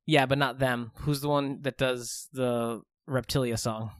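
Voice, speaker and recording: A man in casual comedic banter who rambles into goofy made-up scenarios and keeps them going. His voice sits at a middling pitch. It sounds close and dry, with no room around it. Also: fairly even intonation, a little slow, no echo. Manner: joking, spins long silly bits. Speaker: podcast co-host.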